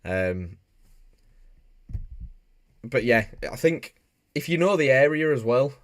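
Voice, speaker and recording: A man's voice: mid-range voice, animated, slow pace, no echo, clean studio sound. A man from Bradford with a Yorkshire accent, chatting casually and jokily on a live stream while he reads out viewer comments. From Bradford, England. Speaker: motorbike streamer.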